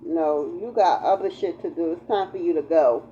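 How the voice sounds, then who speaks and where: A woman voicing stern protective ancestor spirits in a lowered, blunt, dismissive tone. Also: normal speed, warm tone, muffled recording, a little hiss or hum, lightly acted.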